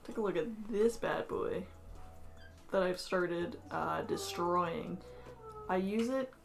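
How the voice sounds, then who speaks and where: A woman's voice: lowish voice, slow, creaky, music in the background. A woman co-hosting a model-kit channel, talking casually and hesitantly about her painting. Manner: relaxed, hesitant, many ums. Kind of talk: casual chat while painting.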